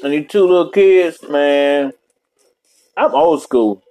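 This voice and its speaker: A man's voice: on the high side, takes it slowly, warm tone. A man hosting a podcast, giving loose, profane, rambling commentary while reacting to a movie.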